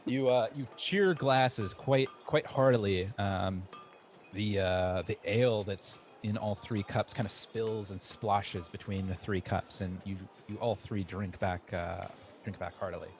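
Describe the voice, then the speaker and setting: A man narrating as game master of a tabletop game, describing scenes haltingly with many fillers. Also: fairly low pitch, fairly even intonation, soft background music. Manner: halting, lots of "uh" and restarts while describing scenes.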